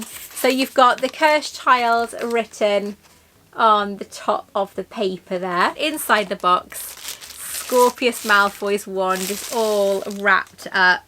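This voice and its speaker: A woman's voice: medium pitch, takes it slowly, sharp tone, slight background noise. A woman from the UK chatting casually in a haul vlog, gushing and rambling and laughing often. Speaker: vlogger.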